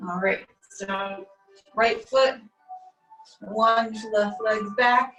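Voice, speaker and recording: A woman leading a guided stretching class, calmly cueing each step while she does the moves herself, recorded on a laptop mic across a room. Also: mid-range voice, very slow. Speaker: stretching instructor. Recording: echoey room, distant mic, faint music.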